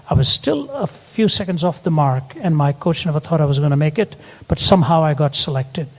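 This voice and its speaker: An older man preaching a sermon, telling stories and rising to emphatic peaks. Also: a little high. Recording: long hall reverb.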